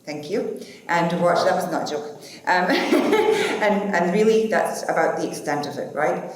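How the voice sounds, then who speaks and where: A woman's voice: on the low side, normal speed. A woman moderating a conference panel, chatty and informal. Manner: chatty, informal, uses fillers. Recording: echoey conference hall, faint noise.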